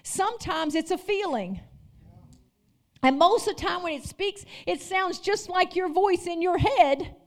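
A woman pastor preaching a sermon, calling out to the congregation and swinging between loud declarations and quiet storytelling. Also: very high voice, animated, measured pace. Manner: preaching with call-outs, rising and dropping intensity.

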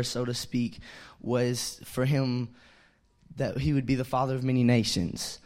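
Young guy preaching casually, lots of like and you know, gets loud on the big points, mid-pitched voice. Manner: loose and chatty, many fillers, swells louder on key points. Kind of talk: casual sermon.

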